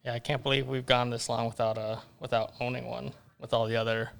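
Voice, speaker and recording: Gravelly-voiced man, dry teasing. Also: mid-range voice, little pitch movement, brisk, a bit bright. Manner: dry, teasing, corrects the co-host. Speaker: podcast co-host. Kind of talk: casual chat.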